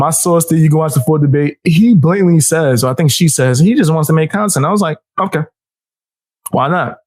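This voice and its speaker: A man's voice: on the high side, a little mellow. A man giving casual, trash-talking commentary while he reacts to a debate clip on his stream.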